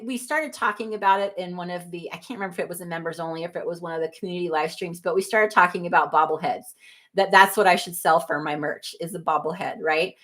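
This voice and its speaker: A woman's voice: fairly low pitch, fairly bright tone. A middle-aged woman hosting a livestream, chatting casually, reading viewer comments, rambling and laughing often. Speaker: livestream host.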